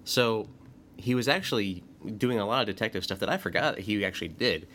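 Chatty man, slightly low voice. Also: lively intonation, fairly quick, a bit bright. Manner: chatty, quotes scenes with put-on voices. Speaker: podcast co-host. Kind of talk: casual movie discussion. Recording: faint background noise.

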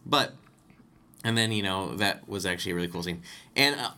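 A man's voice: low-pitched, fairly quick, bright, forceful tone. A man co-hosting a casual film discussion, rambling and correcting himself as he explains. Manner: rambling, self-correcting, chuckles while explaining. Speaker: podcast co-host.

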